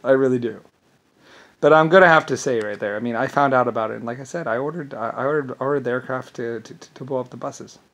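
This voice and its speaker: A man's voice: medium pitch, fast talker, a bit bright. A man delivering an angry, rambling vlog monologue, swearing and repeating words as he stumbles. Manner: profane, indignant, repeats words when stumbling. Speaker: vlogger.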